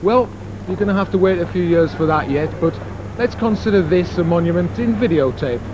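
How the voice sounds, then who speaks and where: A male TV presenter with a fairly high voice delivers wry, rhetorical scripted lines. He is recorded outdoors in a town, with clear traffic and street noise behind him. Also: a little fast. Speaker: TV documentary presenter.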